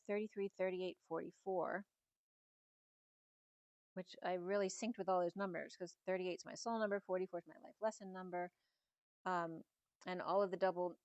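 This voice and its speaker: A woman's voice: fairly low pitch, a little mellow, dry recording, muffled recording. Meandering middle-aged woman tarot reader. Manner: musing, meandering delivery linking numbers and symbols. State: slightly hoarse. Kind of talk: spiritual tarot reading.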